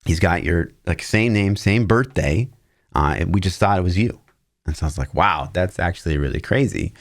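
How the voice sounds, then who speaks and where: A podcast co-host in his thirties tells a long personal story in a deep, low voice. He talks casually and acts out what people said, sometimes jumping to a shout for their lines. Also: normal speed. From Missouri, US. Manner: animated anecdote-telling, acting out quotes with shouts.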